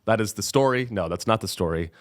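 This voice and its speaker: A man's voice: on the low side, fast talker. A young man hosting a comedy podcast. He sounds caffeinated and rambles through a profane monologue, full of restarts.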